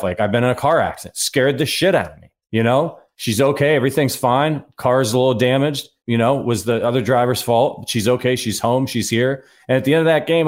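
Earnest man hosting a podcast. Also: mid-range voice. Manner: earnest, rambling with restarts. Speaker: podcast host. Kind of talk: casual podcast chat.

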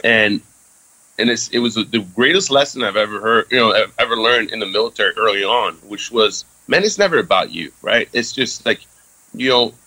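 An Army veteran being interviewed speaks a little fast in a fairly low, sharp voice. His story is blunt and laced with fillers and profanity, recorded dry and at low quality.

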